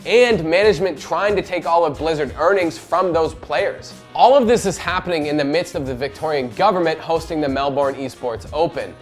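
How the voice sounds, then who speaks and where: A man's voice: a little high, normal speed, few pauses, faint music behind. Wisecracking man hosting esports news. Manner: wisecracking and profane. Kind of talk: scripted news commentary.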